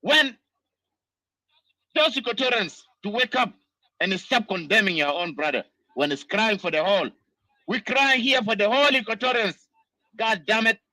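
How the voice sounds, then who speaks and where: Angry high-pitched man ranting. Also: lively intonation, moderate pace, pauses often, sharp tone, no echo, poor audio. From South Sudan. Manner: angry, ranting, peppered with "you know". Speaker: diaspora political commentator. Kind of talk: impassioned political monologue.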